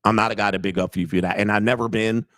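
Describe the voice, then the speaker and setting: In clean studio audio with no echo, a channel host with a lowish, fairly even, slightly bright voice talks quickly through a livestream commentary rant. He lectures viewers bluntly, swears, and laughs between his points.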